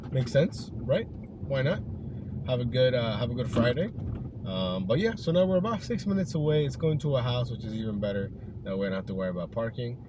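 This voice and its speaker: Upbeat man vlogging from his car. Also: mid-range voice. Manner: upbeat, rambling, lots of fillers like "you know". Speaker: delivery driver vlogger. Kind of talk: casual vlog narration. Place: inside a car. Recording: clear car and road noise behind. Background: car and road noise.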